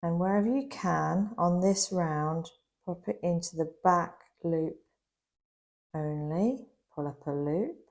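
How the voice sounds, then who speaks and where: A woman's voice: fairly low pitch, a little mellow, dull audio. A woman giving a patient step-by-step crochet lesson, her voice slightly worn as she is losing it a bit. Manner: slow, patient, instructional. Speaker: crochet instructor. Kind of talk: step-by-step craft tutorial.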